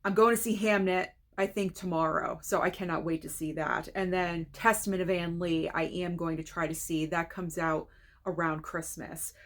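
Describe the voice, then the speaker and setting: A woman film reviewer talking casually to camera, excitable and gushing, with frank opinions. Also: lowish voice, normal speed. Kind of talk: casual reaction video.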